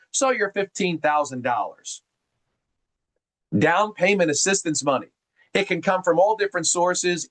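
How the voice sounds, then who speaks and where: A middle-aged man from New Jersey giving an animated, folksy seminar talk to a group on a video call. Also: on the high side, low-quality recording. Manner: animated, folksy, calls listeners gang. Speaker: mortgage presenter on a group call.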